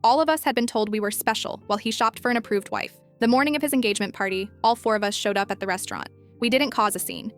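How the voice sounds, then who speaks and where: A woman narrating a first-person story in an even, measured way. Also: fairly high pitch. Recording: faint music underneath.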